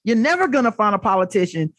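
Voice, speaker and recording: A man co-hosting a podcast in casual chat. He talks in an animated, profane way and often mimics other people. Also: high-pitched, fast talker, no room sound, studio quality. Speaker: podcast co-host.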